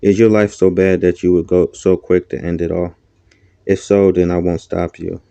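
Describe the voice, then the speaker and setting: Man voicing an ancient paternal deity for an audiobook; consoling, dark, flat delivery. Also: sits low, normal speed, gravelly, smooth, no room sound, dull audio. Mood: solemn. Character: ancient fatherly divine voice, calm, male.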